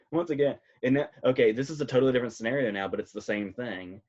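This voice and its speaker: A man co-hosting a podcast in casual chat, laughing often and talking in an animated, rambling way. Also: mid-range voice, highs cut off. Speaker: podcast co-host. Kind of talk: casual chat about films.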